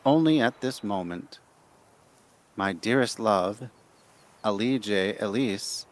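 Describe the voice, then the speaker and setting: A man's voice: lowish voice, takes it slowly. A man voicing a whiny, pompous spoiled young inventor while reading his note aloud.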